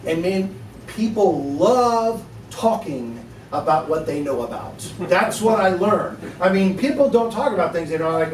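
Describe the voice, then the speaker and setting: Chatty high-voiced man telling a story. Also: expressive, unhurried, a little mellow, a little hiss or hum. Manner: chatty, laughing storyteller, acts out dialogue. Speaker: apologetics teacher. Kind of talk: casual classroom talk with anecdotes. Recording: echoey room, mic at a distance.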